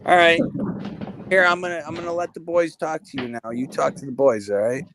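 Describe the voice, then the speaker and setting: A man's voice: a little high, expressive, fast, noisy background. A man hosting a casual livestream, coaxing a chatbot and apologizing for his friends. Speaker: livestream host.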